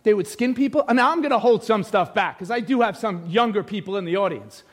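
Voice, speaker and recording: A man preaching a lively sermon who often shouts, drops suddenly to a hush, and throws questions at the congregation. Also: high voice, fast talker. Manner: animated preaching, often shouting, sudden swings from loud to hushed; speaks to the congregation with direct questions. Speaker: pastor.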